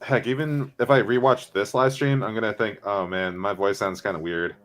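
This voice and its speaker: A man chatting casually as a guest, relaxed and agreeable, using lots of fillers. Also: on the low side, normal speed. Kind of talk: casual chat.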